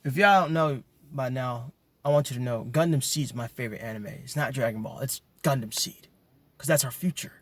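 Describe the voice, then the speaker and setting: A man's voice: mid-range voice, a little fast, dry recording. A man delivering an impassioned monologue to his viewers, emphatic and ranting, often repeating words as he gets worked up. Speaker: video commentator.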